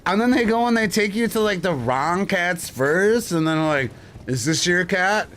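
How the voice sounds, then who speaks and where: A man's voice: high-pitched, moderate pace, a little hiss or hum. A man streaming live, chatting casually and telling stories with lots of swearing and frequent laughter. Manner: animated, swearing storyteller who laughs often.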